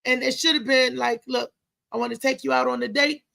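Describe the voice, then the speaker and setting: A woman's voice: high-pitched, fairly even intonation, fairly quick, creaky, pushed and bright. A middle-aged woman, hosting a live show in a chatty, emotional, preachy way. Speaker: host. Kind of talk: casual live show talk.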